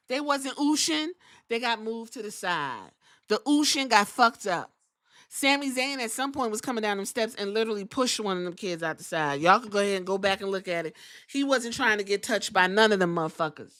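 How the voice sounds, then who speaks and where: A young woman hosts a casual wrestling recap podcast, animated and freely profane, slipping into quotes as she goes. Her voice sits a bit high and bright, close and dry with no room sound. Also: moderate pace, dry recording. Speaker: podcast host.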